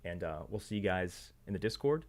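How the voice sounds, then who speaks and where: A man's voice: deep voice, expressive, fairly quick. A man hosting a sports betting live stream in casual chat, loose and promotional with lots of fillers, his voice getting worn. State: losing his voice.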